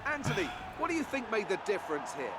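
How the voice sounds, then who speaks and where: A polished TV race presenter in a racing game, wrapping up the race in formal scripted commentary. His voice sits high, and noise runs clearly underneath it. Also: very animated, fast.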